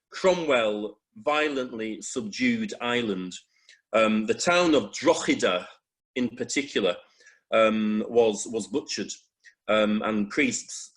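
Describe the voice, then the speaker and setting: Male preacher, mid-pitched, giving a halting, unscripted history talk with slides in a chapel. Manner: hesitant, with frequent ums and restarts.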